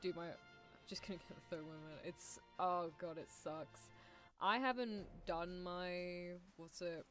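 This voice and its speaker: A woman streaming a racing game, chatting casually with viewers and cheering on her runners with excitement. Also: fairly low pitch, measured pace, soft background music.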